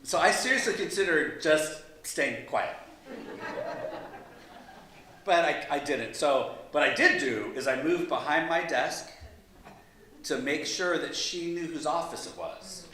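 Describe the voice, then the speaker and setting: A man's voice: on the high side, animated, unhurried, bright, forceful tone, a little hiss or hum. A man, a pastor, telling a humorous story at a church meeting, self-deprecating and chuckling through asides. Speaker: pastor and guest speaker. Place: large meeting hall. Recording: very echoey hall.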